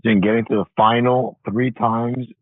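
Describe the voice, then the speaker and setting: A man's voice: medium pitch, level tone, moderate pace, no room sound. A man who is a tennis coach, a podcast guest reminiscing and hedging with "like" and "I mean" in casual chat, heard over a remote call. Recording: tinny phone-like remote call line.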